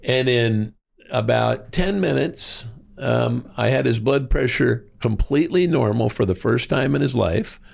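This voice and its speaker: A middle-aged man from Iowa with a heavily gravelly, fry-laden voice at an ordinary male pitch. He talks casually as an interview guest and livens his stories by putting on the voices of the people he quotes. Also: unhurried. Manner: animated, acts out quoted voices with big pitch jumps. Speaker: guest, hormone clinic co-founder.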